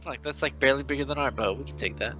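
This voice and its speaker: A man's voice: mid-range voice, racing, bright, forceful tone, dull audio, soft background music. A man playing a tabletop game with brash, joking banter. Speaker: player. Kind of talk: casual tabletop play.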